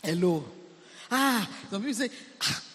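A man preaches with a high voice. He drives his points home with emphatic repetition and frequent hallelujahs. A long hall reverb trails behind his sermon. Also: lively intonation, unhurried, a bit bright. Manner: emphatic, repeats phrases, calls hallelujah. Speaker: preacher, deliverance minister.

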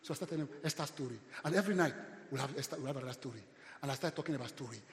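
A Nigerian pastor preaches with a mid-pitched male voice, calling out to the congregation and swelling louder at key points. The sound is roomy, with a long reverb trailing off the walls of a large hall. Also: rapid-fire. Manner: preaching with call-and-response, loud swells. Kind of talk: sermon.

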